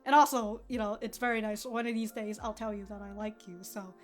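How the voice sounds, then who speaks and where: A woman giving casual, excitable commentary on an anime episode, swearing and laughing freely. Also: mid-range voice, a little fast, faint music behind.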